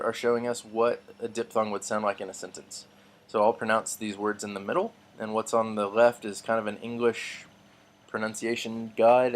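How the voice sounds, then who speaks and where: A man teaching a relaxed lesson on Greek pronunciation, patient and slow, with frequent ums and restarts. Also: lowish voice.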